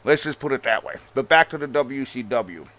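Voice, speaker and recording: A man's voice: mid-range voice, animated, fairly quick, a bit bright. A man ranting casually as a wrestling show host, sarcastic and full of swearing, calling the listener bro. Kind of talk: casual rant.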